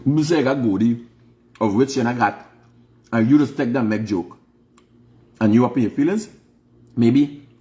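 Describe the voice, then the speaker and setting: Middle-aged Guyanese host, mid-range voice, preachy monologue with emphatic questions. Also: male voice, mid-range voice, moderate pace, pauses often. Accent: Guyanese Creole English. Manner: emphatic, lecturing, swings up into loud rhetorical questions. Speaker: online show host. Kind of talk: preachy casual livestream monologue.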